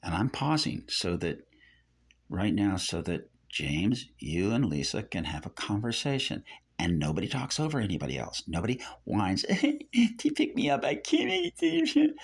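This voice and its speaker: Older man with a rambling, gravelly voice. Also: sits low. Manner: rambling, repeats and corrects himself. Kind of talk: rambling religious teaching.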